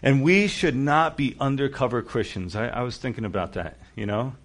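A man's voice: medium pitch, normal speed. A man preaching a sermon in a conversational way, acting out quoted voices as he goes. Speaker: pastor.

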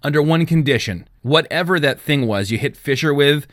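A fatherly small-town police chief, played by a male reader. He speaks gently and with deep feeling, with a lively pitch. The sound is dry and close. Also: brisk, no echo, close to an everyday voice. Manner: gentle, emotional.

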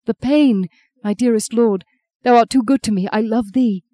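A woman's voice: on the high side, normal speed, warm tone, dry recording, voice pushed up, lightly acted. A woman voicing a dying young man praying. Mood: fervent. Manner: anguished, pleading prayer. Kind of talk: audiobook character reading.

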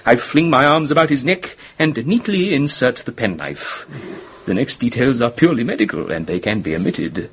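An actor playing a charming, flippant young English gentleman who talks in a breezy, theatrical, mocking way. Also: mid-range voice, lively intonation, moderate pace, husky. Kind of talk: radio drama acting.

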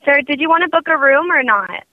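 Woman, reservation clerk, high voice, impatient, tinny phone line, dry. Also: animated, a little fast, no echo. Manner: impatient, businesslike. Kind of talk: recorded prank phone call.

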